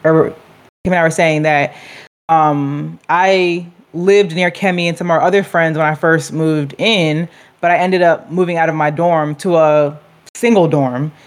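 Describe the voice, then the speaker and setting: A woman's voice: sits low, steady tone, a little slow. A young woman co-hosting a casual chat, rambling with frequent "like" and restarts. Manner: rambling, many fillers and restarts. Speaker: co-host.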